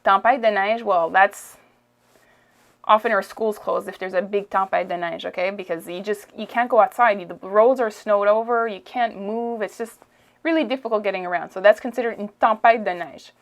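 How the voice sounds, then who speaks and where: A woman's voice: mid-range voice, normal speed, dull audio. A woman with a Quebec French accent teaching French expressions in a casual lesson, repeating phrases and checking in with "okay?". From Quebec, Canada. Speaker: language teacher.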